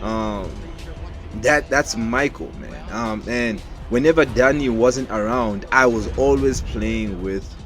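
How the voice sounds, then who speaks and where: A man telling a personal childhood story in a casual, lively way, acting out voices as he goes. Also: medium pitch, slow pace. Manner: lively, acts out voices in his anecdotes. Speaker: storyteller, animator. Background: background music.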